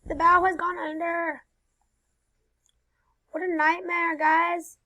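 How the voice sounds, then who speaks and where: A woman's voice: very high voice, flat delivery, takes it slowly, sharp tone. A young woman hosting a gameplay video, chatting and joking dramatically about what happens in the game. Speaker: gaming video host. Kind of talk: casual gameplay commentary.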